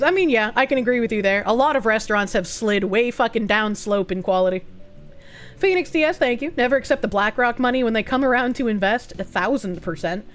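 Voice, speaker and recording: A woman streamer with a rough throat, reading chat and news aloud with blunt, sarcastic asides and frequent swearing. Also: on the high side. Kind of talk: casual livestream chat reading donations.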